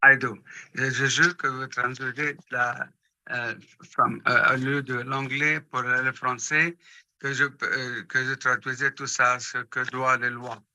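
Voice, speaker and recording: A man working as a court interpreter, speaking haltingly with restarts and fillers. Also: mid-range voice, flat delivery, pushed and bright, rough recording. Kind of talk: courtroom testimony.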